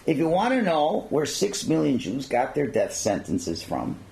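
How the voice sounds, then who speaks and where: A male rabbi teaches an emphatic class with a raised pitch and a very lively rise and fall. His voice has a gravelly grain, and the hall around him is echoey, with a faint hum behind. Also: unhurried. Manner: emphatic, rhetorical questions. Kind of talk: religious class, preacher-like lecture. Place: synagogue hall.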